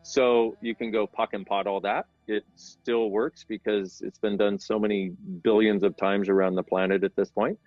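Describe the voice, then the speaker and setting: A man's voice: lowish voice, flat delivery, normal speed, hardly any pauses, no room sound. Earnest middle-aged man explaining at length. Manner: earnest, rambling, self-deprecating. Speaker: interview guest. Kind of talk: casual explanatory talk. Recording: dull sound with faint background music.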